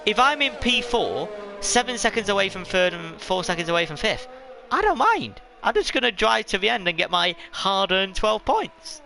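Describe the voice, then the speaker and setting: A man's voice: high-pitched, expressive, moderate pace, vocal fry, hardly any pauses, sharp tone, faint music behind. A man giving live, chatty commentary on a sim race, rambling and laughing at himself.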